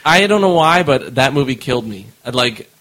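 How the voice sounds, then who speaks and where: A young man talks on a podcast in a mid-pitched voice. He rants about movies and shopping in a blunt, emphatic way. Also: lively intonation, fairly quick, a bit bright, poor audio. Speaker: podcast co-host. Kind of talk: casual chat.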